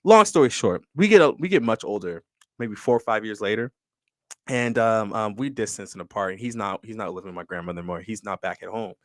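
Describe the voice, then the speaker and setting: A man's voice: fairly low pitch, lively intonation, quick pace, no room sound. A young man, a podcast guest, telling a long personal story in casual conversation, with many restarts.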